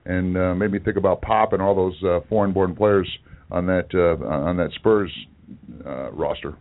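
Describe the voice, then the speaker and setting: A man co-hosting a sports talk show in casual chat, halting with many fillers and restarts. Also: deep voice. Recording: tinny phone-like audio.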